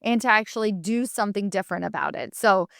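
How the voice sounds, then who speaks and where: A woman hosting a solo podcast, talking to listeners in a candid, story-driven way that moves into practical coaching. Her voice is smooth and clear, at a middle pitch. The sound is close and dry. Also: fast talker, fairly bright tone, no room sound. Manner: candid, chatty storytelling with self-quotes; coaching, advice-giving. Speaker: podcast host.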